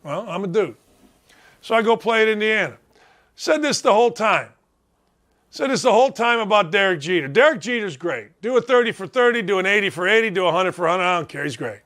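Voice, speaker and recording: A man in his late fifties hosting a sports talk show, ranting bluntly and combatively, hammering his points and breaking into shouts. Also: sits high, expressive, fairly quick. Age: 50s. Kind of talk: sports talk radio rant.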